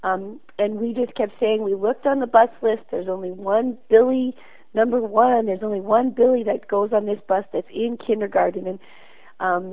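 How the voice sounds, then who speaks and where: A school principal, a woman, calling in to tell a story in an earnest, conversational way. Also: mid-range voice. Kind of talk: phoned-in storytelling. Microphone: phone. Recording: tinny phone line.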